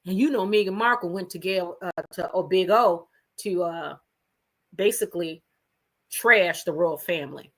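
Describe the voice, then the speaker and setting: A woman's voice: lowish voice, normal speed. A woman hosting a casual gossip livestream from her own room at home, talking chattily and straight to her viewers. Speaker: livestream host.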